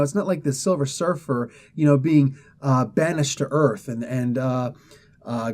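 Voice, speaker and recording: Animated man with a mellow voice. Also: on the high side. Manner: animated, laughing, acts out characters in quotes. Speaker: comic book reviewer. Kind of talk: casual retelling of a comic.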